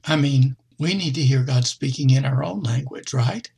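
Gravelly husky male preacher. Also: medium pitch, moderate pace, darkish tone. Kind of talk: sermon.

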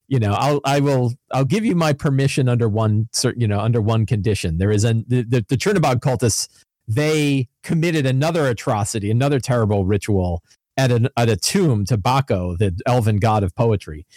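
A man's voice: medium pitch, fairly quick, darkish tone, no echo, close to an everyday voice. A man voicing a domineering, condescending woman who leads a cult in a tabletop game. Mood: commanding. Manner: bossy, dismissive.

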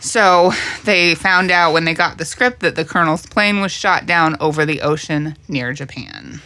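Bright-voiced woman podcast co-host. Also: sits low, normal speed. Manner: chatty, laughs often, recaps episodes. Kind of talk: casual chat.

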